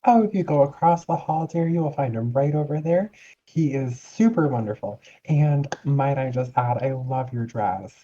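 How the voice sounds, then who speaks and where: A man's voice: mid-range voice, mellow, lo-fi sound, close to an everyday voice. A man voicing a gushing, sweet-talking female guild member in a tabletop game, fawning and chatty. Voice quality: fawning and chatty, drawn-out syrupy phrasing.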